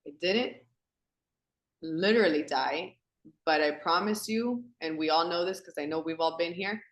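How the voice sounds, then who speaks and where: A woman hosting a women's circle on a phone call. She talks with earnest feeling, often says "like", and breaks into animated, excited voices. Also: on the low side, normal speed, roomy sound. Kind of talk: spiritual talk to a women's group. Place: home in Miami.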